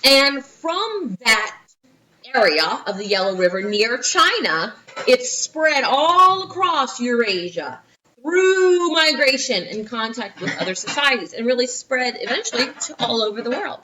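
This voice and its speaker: A middle-aged woman teaching a history lesson in a chatty, conversational way, full of asides to her class. Her voice is bright and clear, sitting a little high. Its pitch swings widely as she talks. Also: big pitch swings, moderate pace, slight background noise, rough recording.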